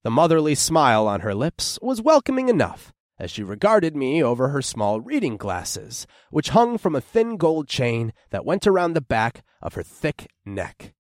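A man reading a first-person story as an audiobook narrator, with expressive, descriptive storytelling. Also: medium pitch, moderate pace, few pauses, no echo, clean studio sound.

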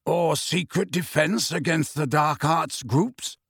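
A man's voice: fairly high pitch, slow, a bit bright, breathy edge, no echo, clean studio sound, voice pushed up, full character voice. A man reading an audiobook, voicing a bold, wry adult male wizard who talks in a teasing, confident way.

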